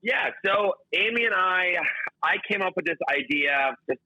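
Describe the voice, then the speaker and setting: A man's voice: high voice, lively intonation, a little slow, pushed and bright, no room sound, dull audio. A man, a chef being interviewed, chatting upbeat with lots of "like" and "you know". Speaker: chef and guest. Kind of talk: phone-in interview.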